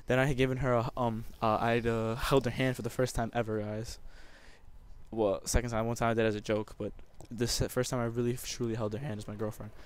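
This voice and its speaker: A man's voice: medium pitch, level tone, a little fast, smooth. A young man telling a personal story over gameplay commentary, emotional and rambling, with many restarts. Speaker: gamer.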